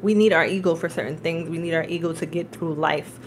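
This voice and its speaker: A woman giving a casual tarot reading, telling a story in a chatty, animated way, laughing often and checking in with her listeners. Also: low-pitched, a little fast, a little hiss or hum, low-quality recording. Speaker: tarot reader and spiritual coach.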